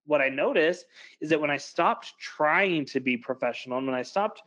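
A young man co-hosting a casual podcast, his voice sitting a little higher than most men's. He rambles through stories with plenty of "like" and quoted asides. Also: animated, moderate pace, fairly bright tone. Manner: chatty, storytelling with lots of "like". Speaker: podcast co-host. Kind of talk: casual chat.

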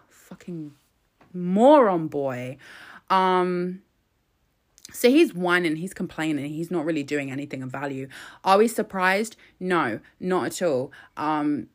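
Young woman, casual rant, sarcastic, exasperated, swearing. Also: fairly low pitch. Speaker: political commentator. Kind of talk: casual ranting commentary.

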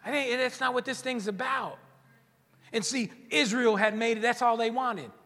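A man preaching a sermon as pastor in a church, animated and joking, acting out the voices of churchgoers. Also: extremely high pitch, normal speed. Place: church hall. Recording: long church reverb.

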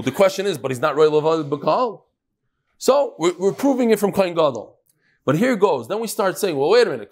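A high-voiced man leads a Talmud class with a voice that swoops up and down. He teaches by firing rhetorical questions at his students and often breaks off and restarts his sentences. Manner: animated, fires rhetorical questions, frequent restarts.

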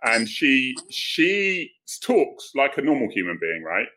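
A middle-aged Cornish man hosts a casual live stream and talks through computer audio. His voice swings lively up and down with a bright edge, and he laughs easily as he tells his stories. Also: medium pitch, slow, poor audio. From Cornwall. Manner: chatty, laughs often, animated storytelling. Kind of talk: casual chat. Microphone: computer mic on a live stream.

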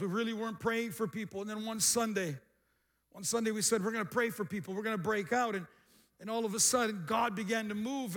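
A middle-aged man preaching a sermon as pastor, energetic, with repeated phrases and calls to the congregation. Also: high-pitched. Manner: energetic, repetitive call-and-response preaching.

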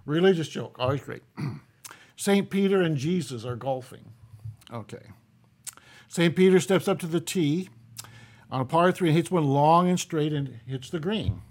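A man co-hosting a podcast, telling jokes in a folksy, easygoing way and chuckling between them. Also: a little high. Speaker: podcast co-host. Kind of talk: casual joke telling.

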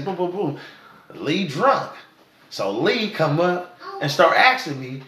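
A man telling a story on a casual podcast, acting out both sides of a quarrel with loud, lively voices. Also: fairly high pitch, a little slow, a little hiss or hum. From Sacramento area. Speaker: podcast co-host. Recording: echoey room.

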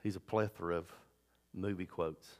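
A man preaching a sermon as pastor, swinging between loud emphatic bursts and low asides. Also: fairly even intonation, moderate pace. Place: church sanctuary. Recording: long hall reverb.

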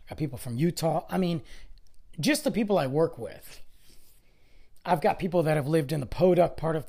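A middle-aged man hosting a casual solo podcast, rambling conversationally with self-deprecating asides, his voice going hoarse. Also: a little high, darkish tone. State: voice going hoarse, clearing throat. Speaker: podcast host. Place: lives in the Dallas area, Texas.

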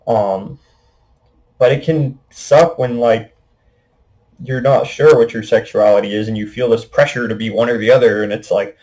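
A young man talks in a loose, rambling way, full of fillers. He sounds like a casual podcast host thinking aloud. His pitch sits in an ordinary middle range. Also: steady tone, moderate pace, a little mellow, low-quality recording. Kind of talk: casual monologue.

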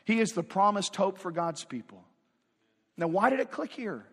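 A man with a high-pitched voice preaches a sermon in a conversational, emphatic way, tossing out rhetorical questions. His voice rings with a long reverb as it fills a large church sanctuary. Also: big pitch swings, moderate pace, husky. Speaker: pastor.

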